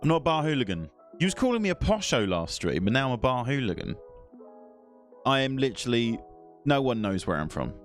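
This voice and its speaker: Animated, rambling man streaming. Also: mid-range voice, a little fast, faint music behind. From England. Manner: swears, rambling, talks to chat. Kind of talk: casual live-stream chat.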